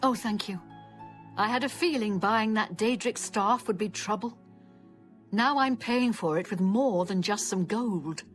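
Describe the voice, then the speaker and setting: A woman's voice: medium pitch, measured pace, faint music behind, lightly acted. An actress voicing a harried townswoman in a video game who is plagued by scamps and tells her story in an exasperated, chatty way. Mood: rueful.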